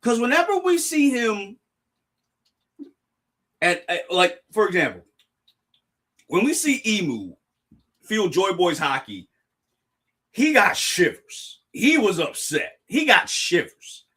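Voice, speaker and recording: An excitable young man streams his reaction live, often restarting sentences and apologizing to his viewers. His voice sits high for a man and swings widely in pitch. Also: takes it slowly, long pauses. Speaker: streamer reacting to a manga chapter.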